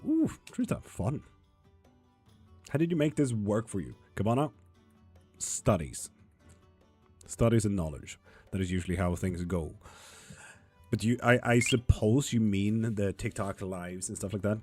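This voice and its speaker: A man's voice: on the low side, expressive, a little slow, pauses often, a little mellow, faint music behind. A man reading viewer comments aloud and answering them in a casual livestream, swearing now and then. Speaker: tarot reader streaming live.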